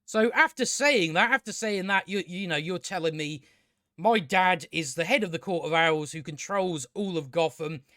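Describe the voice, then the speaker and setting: A man's voice: sits high, moderate pace, pushed and bright, dry recording, clean studio sound. A man, hosting a casual review and ranting in an exasperated, sarcastic way, swearing and stumbling over restarts. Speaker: TV review host.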